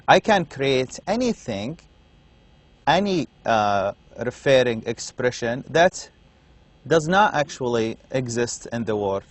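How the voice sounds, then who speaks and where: Male lecturer, middle pitch, unhurried classroom delivery that keeps checking understanding. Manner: explains slowly, checks in with "okay?" often. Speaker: university lecturer.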